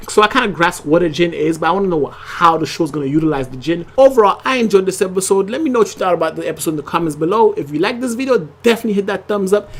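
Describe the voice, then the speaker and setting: A reviewer and channel host giving a casual, rambling episode review to camera, full of "like" and tag questions. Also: medium pitch.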